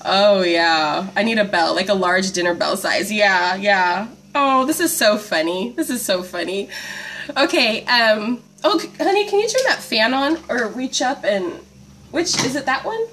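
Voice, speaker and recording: A woman's voice: mid-range voice, lively intonation, a little slow, fairly bright tone, slight background noise. A woman hosting a live homeschool stream from home, chatting casually, laughing often and reading out viewer comments on her phone. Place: at home, indoors.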